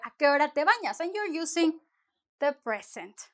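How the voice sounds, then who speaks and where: A woman teaches in a relaxed video lesson. Her voice sits high, and she explains each point slowly, moving between example sentences and English. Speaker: Spanish teacher.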